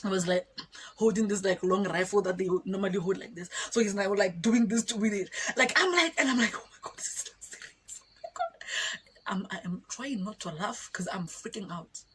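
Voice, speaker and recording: Young woman, animated storytime vlog, laughing often, faint background noise. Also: medium pitch, brisk. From Botswana. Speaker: YouTuber.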